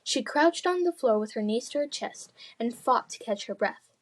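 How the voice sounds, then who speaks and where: A woman's voice: fairly high pitch, expressive, moderate pace, rough recording. Woman reading a story aloud. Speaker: audiobook reader.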